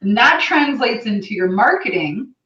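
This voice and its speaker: Brash energetic woman coach, roomy sound. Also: mid-range voice, normal speed. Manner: energetic, blunt, swears casually. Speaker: business coach hosting a live Q&A. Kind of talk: live webinar coaching. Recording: roomy, slightly dull sound.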